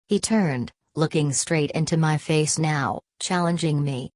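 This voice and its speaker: A woman reading a novel aloud as an audiobook narrator, voicing every character in one steady voice. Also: sits low, unhurried, hardly any pauses, dry recording. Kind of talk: scripted narration.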